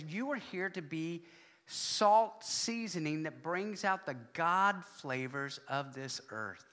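A man preaching a sermon to his congregation, animated, with loud exclamations and hushed asides. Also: sits high. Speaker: pastor.

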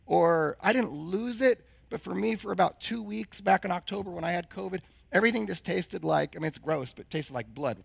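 A male pastor preaching a sermon with a hoarse, husky voice, since he has lost his voice, and asking the congregation questions. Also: high voice, brisk, hardly any pauses, no echo.

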